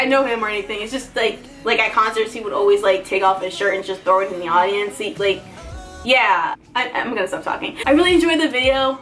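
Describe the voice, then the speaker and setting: A woman's voice: a little high, a bit bright. A woman vlogger giving a giddy, gushing reaction commentary, laughing often and crying out.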